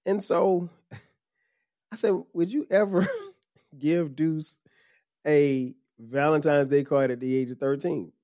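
A man, hosting a podcast and telling a story in a casual, animated way with lots of laughter. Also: a little high, no echo, studio quality. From South Carolina. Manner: animated, laughs often, quick restarts. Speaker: podcast host.

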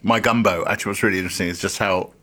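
Low, husky male interviewer. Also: steady tone, rapid-fire, bright, forceful tone. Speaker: interviewer, podcast host. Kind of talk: conversational interview over lunch. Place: at a restaurant table over lunch.

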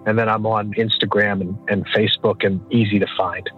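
A man's voice: fairly low pitch, little pitch movement, fairly quick, faint music behind. Earnest man on a tinny phone-like line. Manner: earnest, flowing motivational delivery. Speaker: author guest. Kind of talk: motivational interview talk.

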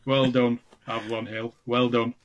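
A man's voice: medium pitch, level tone, moderate pace, dull audio. A man co-hosting a podcast, answering quiz questions with teasing, sardonic remarks. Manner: sardonic, teasing banter with laughs. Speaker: podcast co-host. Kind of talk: casual chat.

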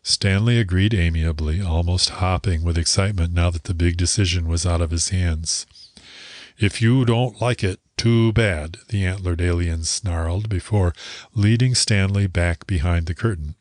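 A man narrating a short story in a calm, measured way. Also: sits low, no room sound, clean studio sound. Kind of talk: audiobook narration.

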